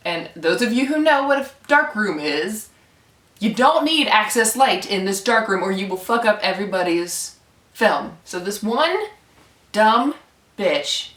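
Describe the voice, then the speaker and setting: Animated young woman telling a story. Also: medium pitch, measured pace. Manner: animated, swears freely, acts out quotes loudly. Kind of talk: casual storytelling. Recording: echoey room, from a distance.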